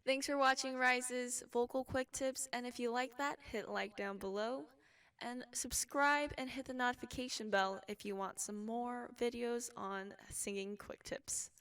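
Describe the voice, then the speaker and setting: A young woman teaching a casual singing lesson, explaining calmly between sung examples. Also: a little high, measured pace, clean tone, distant mic. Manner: relaxed explaining, with sung demonstrations. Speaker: vocal instructor.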